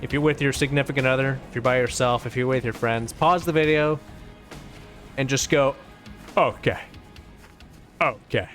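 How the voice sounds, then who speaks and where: A man commenting casually on his own gameplay, rambling along in a mid-range voice and swearing freely. He breaks into excitable outbursts as the game's music plays clearly behind him. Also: medium pitch, fairly quick. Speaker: let's play host. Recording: game music in background.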